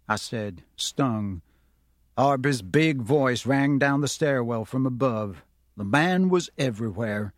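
A man's voice: medium pitch, lively intonation, slow, dry recording, clean studio sound. A man narrating a novel aloud, shifting his voice up for the characters he quotes. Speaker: audiobook narrator.

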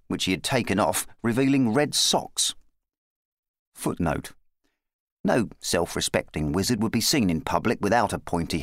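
A man reading a children's story aloud in a playful, lively storybook manner. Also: on the low side, no room sound, studio quality.

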